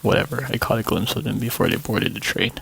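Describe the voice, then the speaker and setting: A man voicing a nervous gravelly hired hand. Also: on the low side, steady tone, quick pace, a bit bright, slight background noise, rough recording. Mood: grumbling. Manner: defensive, flustered pleading. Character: nervous male hired worker, jittery, evasive.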